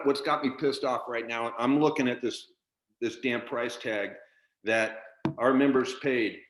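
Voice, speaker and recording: A man's voice: medium pitch, a bit bright. A man in a union virtual town hall, furiously questioning leadership over a video call, swearing and repeating himself. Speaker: union member asking a question.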